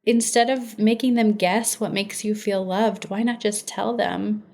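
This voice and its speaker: A woman's voice: mid-range voice, fairly even intonation, unhurried, gravelly, darkish tone. Emphatic woman podcast host. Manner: emphatic, conversational, addresses listeners directly. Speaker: podcast host and inner-healing practitioner. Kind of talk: teaching podcast monologue.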